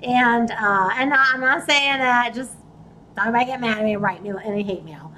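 A woman's voice: a little high, normal speed, pushed and bright, slight background noise, poor audio. Chatty woman. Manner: chatty, retells conversations in quoted voices. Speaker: podcast host and real estate investor. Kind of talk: casual storytelling.

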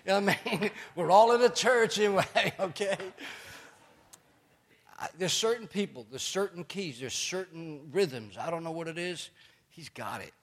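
A man in middle age preaching with an easy, talkative warmth, breaking into jokes and laughter between points. His voice sits a little high for a man, and he tells his stories in an animated way, like a pastor at home in his pulpit. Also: moderate pace. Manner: chatty, joking asides with laughter, animated storytelling. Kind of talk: sermon.

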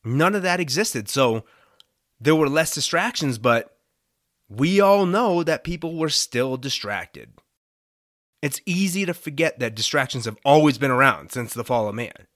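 An earnest male podcast host speaking in a casual devotional tone, his pitch rising and falling a lot as he talks. The sound is dry and close, with no room echo. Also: a little slow. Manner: earnest, conversational, expressive rises and dips.

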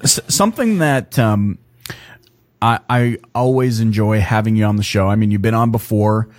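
A man's voice: on the low side, moderate pace. Chatty joking Canadian man hosting. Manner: joking, laughs often, lots of fillers. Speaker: podcast host. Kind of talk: casual interview chat.

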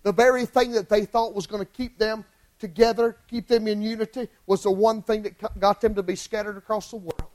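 A male preacher delivering an impassioned sermon in church, swinging from hushed lines to shouted ones. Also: sits high, fairly even intonation, brisk, poor audio.

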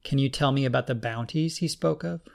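Audiobook: male narrator plays a no-nonsense woman detective, crisp and direct. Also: medium pitch, fairly quick, lightly acted. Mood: businesslike.

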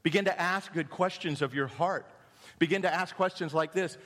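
A man delivers a sermon as a pastor, telling stories with animated energy and sudden hushed moments. His voice sits a little high for a man. The sound carries the long reverb of a large hall. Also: normal speed. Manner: animated storytelling preacher, swings between loud and hushed.

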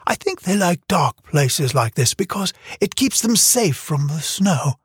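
A man's voice: fairly high pitch, big pitch swings, a little slow, slightly rough, no room sound, studio quality, voice pushed up, exaggerated voice. A man voicing a chatty, stubborn little village girl in an audiobook, talking earnestly and insistently. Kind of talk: audiobook character reading.

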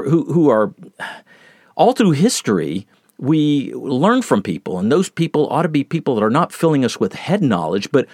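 A middle-aged man preaching a plain-spoken, earnest sermon, teaching with lively shifts in pace and loudness. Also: mid-range voice, no room sound, studio quality.

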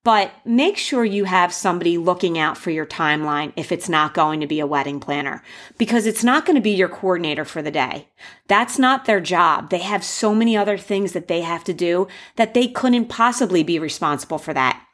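A young woman casually telling the story of her wedding and giving advice, animated, acting out the quoted voices with gasps. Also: on the low side, a little fast. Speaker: bride sharing wedding advice.

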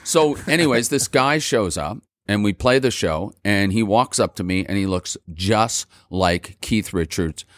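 A man from Montreal, a musician guest, telling his story in a lively, self-mocking way. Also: on the low side, measured pace, hardly any pauses, dry recording, studio quality. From Montreal, Canada. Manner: animated, self-mocking, acts out voices. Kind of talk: casual storytelling.

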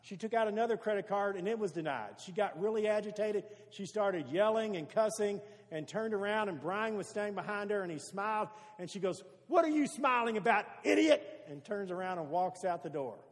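A man's voice: sits high, brisk, few pauses, big-room sound. A man preaching a sermon as pastor, earnest and stacking repeated phrases for emphasis.

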